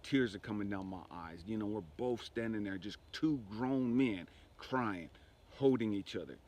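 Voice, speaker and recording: A man's voice: fairly low pitch, moderate pace, a little mellow. A grieving man telling a personal spiritual testimony in a conversational way, often asking "you know what I mean". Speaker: spiritual speaker.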